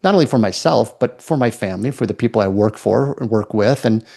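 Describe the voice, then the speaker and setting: A man's voice: lowish voice, animated, fairly quick, creaky, warm tone. A middle-aged man, a guest in an interview, speaking reflectively and repeating words as he restarts his thoughts. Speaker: podcast guest.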